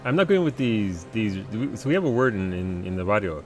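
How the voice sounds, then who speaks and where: A man's voice: on the low side, a little fast, soft background music. A man streaming a game live, chatting casually with his viewers, laughing often and restarting his sentences. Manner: animated, laughing, stammering restarts. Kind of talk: casual live gameplay commentary.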